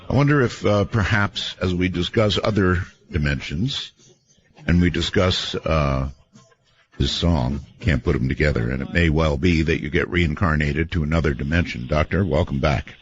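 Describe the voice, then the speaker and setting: A man hosting a late-night call-in radio show, relaxed and easily amused, talking with guests and callers. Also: deep voice, moderate pace. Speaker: radio talk show host. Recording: muffled radio broadcast audio.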